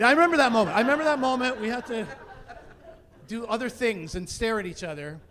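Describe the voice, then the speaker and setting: Stand-up comic, man in his forties, high voice, animated storyteller who ramps into fake outrage. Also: fast talker. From Canada. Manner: animated storyteller building to mock-indignant rants. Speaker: stand-up comedian. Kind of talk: stand-up comedy routine. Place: comedy stage before a live audience.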